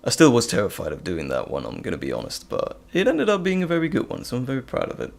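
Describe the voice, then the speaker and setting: Man with a gravelly, lively voice. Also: mid-range voice, fast talker. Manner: hesitant, frequent ums, reads chat questions aloud. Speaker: live stream host and audio creator. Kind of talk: casual live stream chat.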